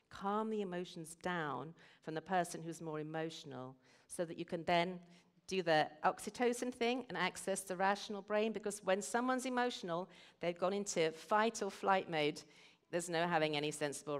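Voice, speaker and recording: A middle-aged woman giving a sermon, explaining and telling stories in an earnest way. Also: fairly low pitch. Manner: earnest, storytelling. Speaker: guest speaker at a church service.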